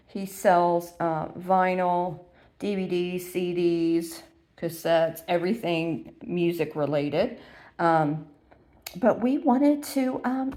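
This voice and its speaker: Gushing woman with a lilt. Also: lowish voice. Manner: warm and gushing, many ums, emotional near tears. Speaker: vintage reseller vlogger. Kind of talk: casual unboxing chat.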